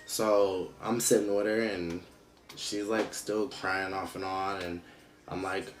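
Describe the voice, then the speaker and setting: A man's voice: low-pitched, level tone, reverberant, soft background music. A young father speaking in a personal vlog, rambling and restarting, with many fillers. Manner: rambling, heavy use of "like", halting restarts. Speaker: father vlogger.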